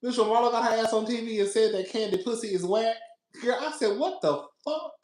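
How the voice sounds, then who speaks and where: A man's voice: high voice, fairly even intonation, fairly quick, darkish tone. Sassy laughing man in an echoey room. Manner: sassy, laughs a lot, repeats himself, calls listeners "girl". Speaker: podcast host. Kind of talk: casual reality TV commentary.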